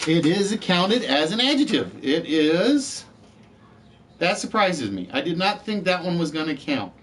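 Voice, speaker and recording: A man's voice: on the high side, very animated, a little slow, a bit bright, slight background noise. A man hosting a live-streamed word game show, chatty, reading out letters and scores and joking with the players.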